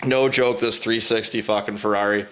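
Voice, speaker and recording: A man's voice: lowish voice, steady tone, normal speed, fairly bright tone. A man hosting a podcast, telling a rambling, profane story and laughing through it. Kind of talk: casual storytelling.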